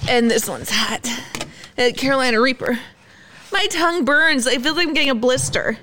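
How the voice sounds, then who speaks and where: High, bright-voiced complaining woman. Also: lively intonation, moderate pace, slight background noise. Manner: dramatic, sulky complaining. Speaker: co-host. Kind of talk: casual livestream chat.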